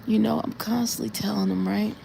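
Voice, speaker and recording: A woman's voice: mid-range voice, fairly even intonation, a little fast, gravelly, warm tone, slight background noise. A woman on a casual live stream, earnestly retelling a dream in a repetitive way and speaking straight to her viewers. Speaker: livestreamer.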